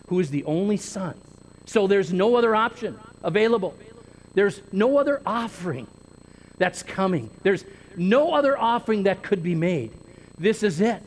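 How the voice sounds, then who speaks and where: Man, sermon, high voice, emphatic, long reverb, faint background noise. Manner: deliberate, emphatic, stretches key words. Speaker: preacher.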